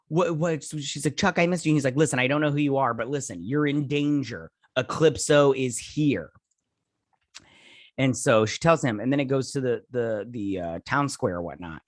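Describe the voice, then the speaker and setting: A man talks through a TV episode recap, chatty and loose, with plenty of fillers and restarts. He slips into quick mimicking voices as he retells scenes. The recording is close and dry, with no room sound, and his voice sits at an ordinary middle pitch. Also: fairly bright tone, dry recording. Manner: lots of fillers and restarts, rambling. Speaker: host reviewing a TV episode. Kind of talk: casual recap and review.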